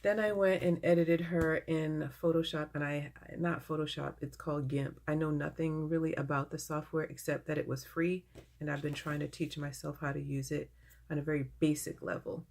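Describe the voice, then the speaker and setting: A woman's voice: low voice, steady tone, normal speed, creaky, darkish tone, slight background noise. A woman giving a casual vlog update, gushing and emotional about her work. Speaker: vlogger.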